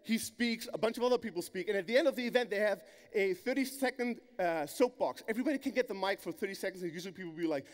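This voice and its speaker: A man from Greece with a German accent gives an energetic keynote talk, telling stories bluntly and swearing freely. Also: high-pitched, very fast, few pauses, big-room sound. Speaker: conference speaker. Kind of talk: keynote storytelling.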